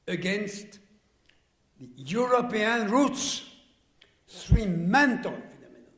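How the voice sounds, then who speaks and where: Halting French-accented man in a roomy hall. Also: a little high. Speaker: conference speaker. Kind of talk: public speech. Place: conference hall.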